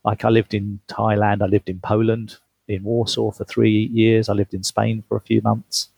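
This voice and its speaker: Brief: low, husky male guest, dry close sound, chatty anecdotes. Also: level tone, moderate pace, a little mellow, no room sound. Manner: chatty, laughs often, restarts mid-phrase. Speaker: guest, author. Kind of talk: storytelling interview.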